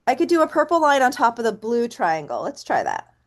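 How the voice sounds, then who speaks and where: A woman teaching a relaxed painting tutorial, chatting and thinking aloud as she works and counting softly while she stamps. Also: on the high side, fairly quick. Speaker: painting instructor. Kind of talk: relaxed step-by-step art tutorial.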